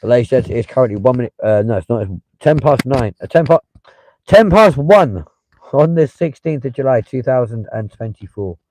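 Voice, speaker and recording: A man's voice: medium pitch, lively intonation, moderate pace, mellow, a little hiss or hum, rough recording. A man hosting a live stream, giving blunt, profane, heated casual commentary.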